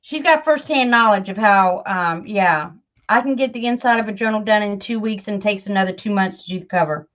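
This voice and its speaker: A woman's voice: mid-range voice, fairly quick, fairly bright tone, dull audio. A woman chatting casually and self-deprecatingly to her viewers while she crafts, with lots of fillers. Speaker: crafting channel host.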